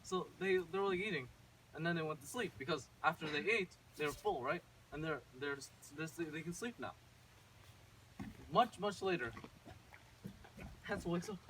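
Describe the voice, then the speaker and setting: A man's voice: fairly high pitch, expressive, normal speed, long pauses, fairly bright tone. Man rambling through a fairy tale. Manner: rambling, many fillers and restarts. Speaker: storyteller. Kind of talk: casual fairy-tale retelling. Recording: distant mic with faint noise.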